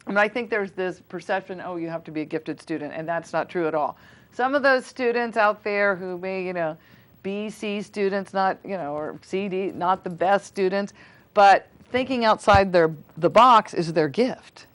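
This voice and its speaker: A woman's voice: medium pitch, normal speed. A woman in her forties, a school foundation volunteer, talking casually in an interview with many fillers and restarts. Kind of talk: casual interview on local cable TV.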